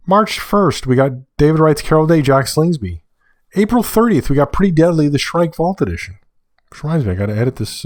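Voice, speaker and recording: A man hosting a casual solo podcast, chatty and rambling, correcting himself and getting excited in asides. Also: a little high, no echo, studio quality. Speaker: podcast host.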